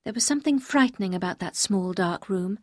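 A woman's voice: mid-range voice, lively intonation, dry recording. Woman reading a story, dry close sound. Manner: clear, measured reading. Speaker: audiobook reader. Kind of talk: scripted storybook narration.

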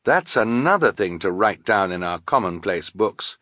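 A man's voice: lowish voice, very animated, moderate pace, a bit bright, no room sound, clean studio sound. A man reading an audiobook, voicing an anxious, bookish teenage boy. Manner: anxious, raised.

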